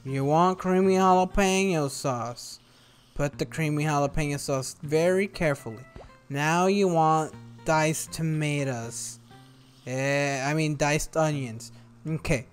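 Playing a cooking game for a video, a young man with a fairly high voice jokingly teases the game's customers. He's recording at home into a desktop USB mic.

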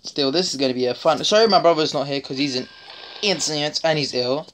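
This mobile game streamer has a deep voice and speaks fairly quickly, cracking jokes and trash-talking rivals in a mobile shooter, with sudden yelps along the way. Her phone screen recorder picks up a noisy track full of tapping clicks.

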